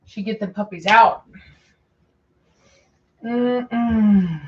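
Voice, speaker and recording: A woman's voice: medium pitch, very slow. Chatty woman dog breeder on a dull stream. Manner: chatty and meandering, with many ums and repeats. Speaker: dog breeder hosting a livestream. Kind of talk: casual livestream chat answering viewer questions.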